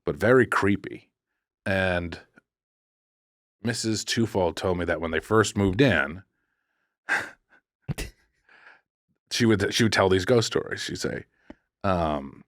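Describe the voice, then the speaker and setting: A man with a low, deep voice tells a long story in a loose, chatty way, often circling back and correcting himself and throwing in jokes. The sound is dry and close, with no room around it. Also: slow pace, pauses often, no echo. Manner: rambling, self-correcting, jokey. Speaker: podcast co-host. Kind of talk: casual storytelling. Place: podcast studio.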